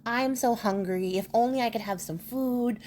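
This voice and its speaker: A woman's voice: on the high side, darkish tone, a little hiss or hum, lightly acted. A woman putting on a whining old beggar man. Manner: slow, whiny, put-on theatrical woe. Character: self-pitying old male beggar, whining, theatrical.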